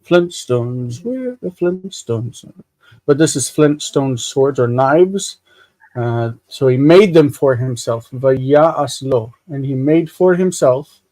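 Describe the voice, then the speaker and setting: Man explaining Hebrew grammar, mellow voice. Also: medium pitch, dry recording. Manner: explains grammar step by step, slow over Hebrew words. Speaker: co-host reading biblical Hebrew. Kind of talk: casual study discussion. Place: home studio, live stream.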